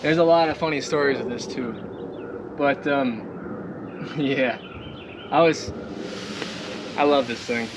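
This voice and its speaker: A young man with a Midwestern accent talks through his boat in a loose, rambling way, full of "uh"s and quick laughs. His voice sits at an ordinary middle pitch. The outdoor recording carries clear background noise and he drifts nearer and farther from the camera. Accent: Midwestern American. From Minnesota or the Midwest. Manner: rambling, laughs often, many fillers. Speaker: vlogger showing his boat. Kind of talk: casual walkthrough. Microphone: camera set on the boat, distance varies.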